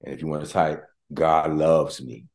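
A male preacher delivering a livestreamed sermon with call-and-response, at times quiet and emotional in prayer. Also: extremely low pitch, fairly even intonation, moderate pace.

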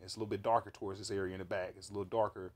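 In a low voice and at a very fast clip, a man tells the story of a vivid dream. It's a casual, animated monologue, profane and rambling, with plenty of fillers and restarts.

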